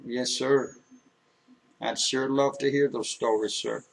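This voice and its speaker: A man telling an emotional personal story in an earnest, halting way, with many restarts. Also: mid-range voice, fairly even intonation, creaky, slightly rough, distant mic, rough recording.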